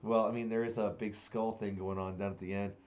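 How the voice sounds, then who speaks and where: A man narrating as game master in a tabletop game, halting and searching for words. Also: fairly low pitch, flat delivery, a little mellow. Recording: dull lo-fi audio.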